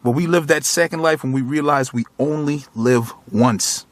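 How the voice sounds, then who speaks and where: A man's voice: medium pitch, fairly even intonation, normal speed, hardly any pauses, dry recording. Thirties male vlogger, preachy and emotional pep talk to camera, swearing freely, dry recording. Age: 30s. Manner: raw, profane, preachy, speaks straight to the viewer. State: tearful, choked up. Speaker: motivational vlogger. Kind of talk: emotional motivational monologue to camera.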